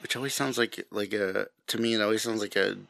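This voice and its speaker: A man's voice: lowish voice, a little fast, vocal fry, fairly bright tone, no room sound, clean studio sound. Joking New England man on a podcast. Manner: laughs often, jokey asides. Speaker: podcast co-host. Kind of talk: casual chat.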